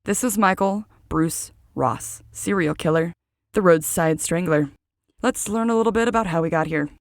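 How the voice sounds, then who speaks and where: Woman, true crime narration, fairly low voice, scripted with casual asides, dry close mic. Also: moderate pace, no echo. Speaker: true crime podcast host.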